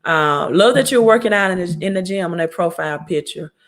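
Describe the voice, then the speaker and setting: A woman's voice: lowish voice, animated, brisk. A woman from Mississippi with a Southern accent, hosting a credit repair livestream and answering viewer comments in a blunt, no-nonsense way. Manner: blunt, scolding, talks straight to viewers. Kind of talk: casual livestream talk reading viewer comments.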